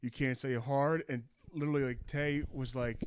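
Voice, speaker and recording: Mid-pitched man telling stories. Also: fairly even intonation, fairly quick, slight background noise. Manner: storytelling, swearing, recounting others' words. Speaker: podcast co-host. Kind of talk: casual comedy chat.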